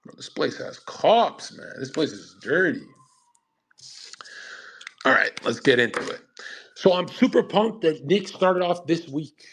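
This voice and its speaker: A man hosting a live stream, talking casually in a brash, profane, animated rant. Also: on the high side, moderate pace, a little hiss or hum. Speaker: streamer host.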